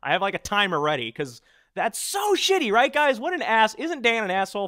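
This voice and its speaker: Lively, animated young man telling a story. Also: extremely high pitch, moderate pace, no room sound, studio quality. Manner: animated, self-mocking, jokey. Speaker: vlogger. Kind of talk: casual storytelling to camera.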